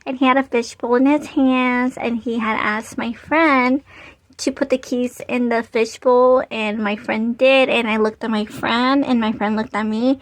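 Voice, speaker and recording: A woman telling an animated story for a vlog, full of "like" fillers. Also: a little high, unhurried, no echo. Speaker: vlogger.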